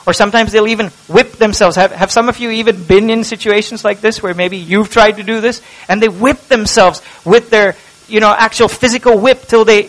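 A man with a high, light voice preaches a sermon. He moves from hushed, tender lines to loud, impassioned cries, with a steady preaching pulse. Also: low-quality recording. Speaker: pastor.

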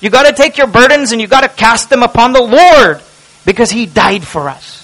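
A man with a high, light voice preaches a sermon. He moves from hushed, tender lines to loud, impassioned cries, with a steady preaching pulse. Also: moderate pace, poor audio. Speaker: pastor.

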